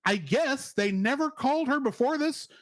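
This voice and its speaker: A man co-hosts a relaxed review podcast with a higher voice that leaps around expressively. He jokes and laughs through his points. The recording is dry and close, with no room sound. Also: normal speed, no echo. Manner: animated, joking, laughs often. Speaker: podcast co-host. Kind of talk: casual review chat.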